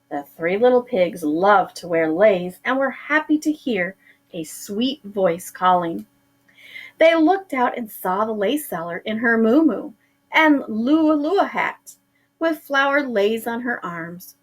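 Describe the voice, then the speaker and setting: Woman teacher reading a storybook slowly. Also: a little high. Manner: slow, expressive storybook narration. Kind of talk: storytime read-aloud.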